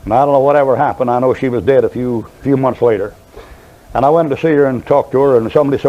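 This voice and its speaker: Older preacher, folksy and mellow. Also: male voice, mid-range voice, fast, muffled recording. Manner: folksy storytelling, rambling asides. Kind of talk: sermon.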